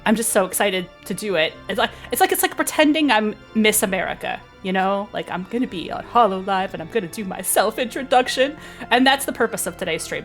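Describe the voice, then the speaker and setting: A woman's voice: medium pitch, a bit bright. A woman VTuber chatting casually on a livestream, giggly and rambling, playful. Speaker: VTuber streamer. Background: faint background music.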